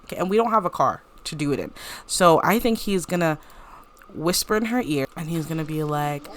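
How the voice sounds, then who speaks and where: A young woman casually commentating a life-sim game, chatty and giggly, voicing the characters' lines in quick playful asides. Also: low-pitched, lively intonation, a crowd in the background. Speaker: gameplay commentator. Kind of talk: casual let's-play commentary.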